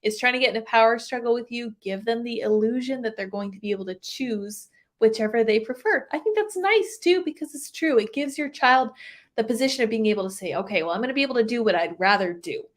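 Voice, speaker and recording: A young woman as a podcast guest in casual chat, agreeing warmly and adding her own thoughts. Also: fairly high pitch, lively intonation, quick pace. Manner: affirming, chatty listener who laughs along.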